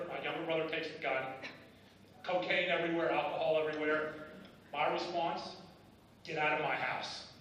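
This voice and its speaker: At a benefit dinner in a large banquet hall, a middle-aged man gives a candid personal speech, telling his story in insistent, rising bursts. His mid-range voice has a fairly bright tone, heard from a distance in an echoey room with a little hiss or hum.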